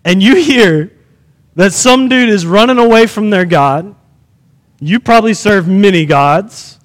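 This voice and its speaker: A man preaching a sermon in an animated way, acting out the scenes he tells. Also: sits high, a little slow, big-room sound.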